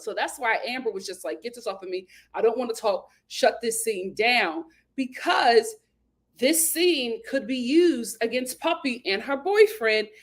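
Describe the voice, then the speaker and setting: A woman chats through a reality show recap with plenty of sass. Her voice sits high and jumps around a lot as she acts out the cast's quotes. She laughs loudly and talks straight into a close mic. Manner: animated and sassy, acting out quotes with big laughs. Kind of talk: casual chat recap.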